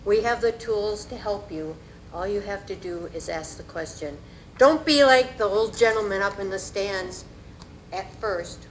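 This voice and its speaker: A woman giving an animated, folksy storytelling speech at a community event in a hall. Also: medium pitch, slight background noise. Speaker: community speaker. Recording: echoey hall.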